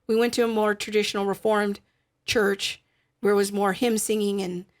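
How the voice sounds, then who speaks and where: A woman's voice: mid-range voice, little pitch movement, normal speed. Thoughtful middle-aged woman co-host. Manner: thoughtful, explanatory, with frequent fillers. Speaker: podcast co-host. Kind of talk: casual faith podcast chat.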